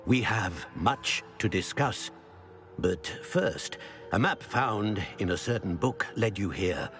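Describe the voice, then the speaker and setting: An actor voicing a grave male professor who is a seer, speaking in a measured, formal way in a video game. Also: on the low side, animated, fairly bright tone. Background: game music.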